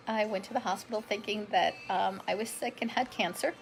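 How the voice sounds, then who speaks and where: A woman's voice: mid-range voice, fairly quick, creaky, a little hiss or hum, poor audio. A woman in her forties telling her personal story on a live stream, chatty and emotional, greeting viewers by name as she goes. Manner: emotional, self-described drama queen. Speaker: vlogger sharing her health story.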